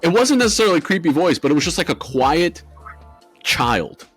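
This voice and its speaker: A man's voice: a little high, very animated, fairly quick, fairly bright tone, breathy edge, soft background music. A man co-hosting a podcast, telling a ghost story in rambling casual chat with lots of swearing and fillers. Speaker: podcast co-host.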